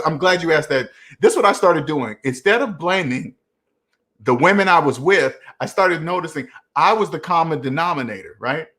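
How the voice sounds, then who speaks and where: Chatty man telling stories, higher voice. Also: a bit bright. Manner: rambling, repeats "right?" often; chuckles while telling stories. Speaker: host. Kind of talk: casual live Q&A storytelling.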